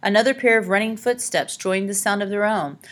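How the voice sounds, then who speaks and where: A woman reading a children's adventure story aloud as narrator, dramatic and hushing for tense scenes. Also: medium pitch, fairly quick. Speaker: audiobook narrator. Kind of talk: scripted narration.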